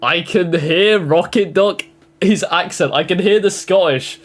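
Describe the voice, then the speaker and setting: A YouTuber with a high-pitched, slightly slow voice reacts casually to fan-made clips of himself, speaking a bit loudly. Joking and exasperated, he swings between crude banter and mock complaints.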